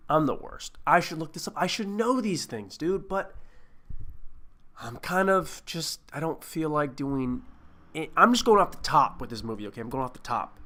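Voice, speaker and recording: A man's voice: medium pitch, pushed and bright. Male podcast host, rambling comic movie chat, mid-range voice. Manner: rambling, swearing, jokey asides. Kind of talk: casual movie-review chat.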